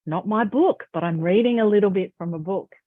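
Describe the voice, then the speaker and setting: A woman's voice: medium pitch, fairly quick, no echo. A woman coach giving an encouraging, emphatic motivational talk over a video call. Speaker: confidence coach. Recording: phone-like narrow sound.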